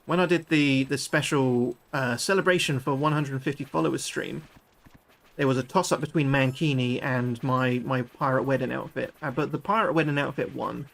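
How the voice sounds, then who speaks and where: A British man livestreaming a game, chatting excitably with his viewers and swearing freely. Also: medium pitch, normal speed, creaky. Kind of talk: live gameplay commentary chatting with viewers.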